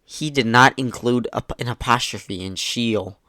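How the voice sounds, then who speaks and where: A man's voice: medium pitch, a little slow, sharp tone, no echo. A man giving laid-back, sarcastic commentary as he reads out online messages, swearing casually and mocking what he reads. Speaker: YouTube commentator.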